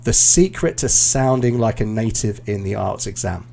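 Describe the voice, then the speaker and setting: Mellow-voiced British man teaching online. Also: lowish voice, moderate pace, gravelly, a little hiss or hum. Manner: relaxed, explanatory, frequent ums and uhs. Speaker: IELTS teacher. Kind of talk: live online lesson feedback.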